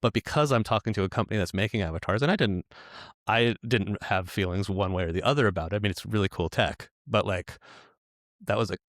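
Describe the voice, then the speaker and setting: A man's voice: lowish voice, quick pace, no room sound, studio quality. A man who is a podcast guest, talking in a casual, rambling way with lots of restarts and stammered words. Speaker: developer educator, guest.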